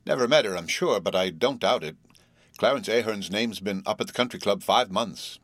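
A man's voice: lowish voice, moderate pace, fairly bright tone, no room sound. A man playing a jovial, slightly tipsy middle-aged businessman who talks in a hearty, coaxing, stubborn way.

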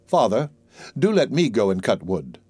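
A man's voice: lowish voice, big pitch swings, moderate pace, a little mellow, slightly rough, dry recording. Man reading a humble simple-minded young son in a fairy tale, plain dry sound.

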